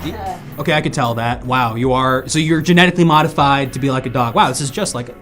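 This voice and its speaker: A man hosting a live improv comedy show, playing a goofy time-traveling reporter in an animated way. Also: medium pitch, fast, soft background music.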